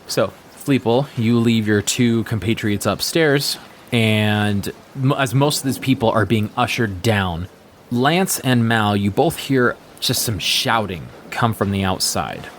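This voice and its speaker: A man narrating as game master of a tabletop role-playing podcast, relaxed and brisk. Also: fairly low pitch, a little hiss or hum.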